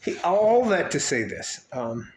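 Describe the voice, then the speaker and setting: A man's voice: fairly high pitch, big pitch swings, slow pace. An older man who coaches young men, talking to the camera in a rambling, profane, fatherly way. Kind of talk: casual vlog talk to camera. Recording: roomy echo.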